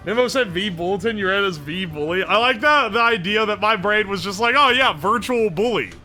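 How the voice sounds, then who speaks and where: A man's voice: high voice, moderate pace, sharp tone, faint music behind. A man streaming live, reading his chat aloud and reacting in a joking, profane way. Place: home streaming setup.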